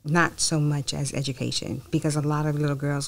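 Low-voiced, gravelly woman guest. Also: a little fast. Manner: animated storyteller, talks at length. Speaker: interview guest, foundation founder. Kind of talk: casual interview talk.

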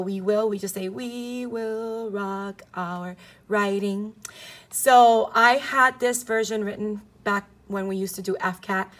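A teacher vlogger with a slightly raised pitch and a raspy edge to her voice. She talks casually and cheerfully, explaining each classroom activity step by step. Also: fairly bright tone. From South Florida. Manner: upbeat, explanatory, walking through classroom materials. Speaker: fourth grade teacher.

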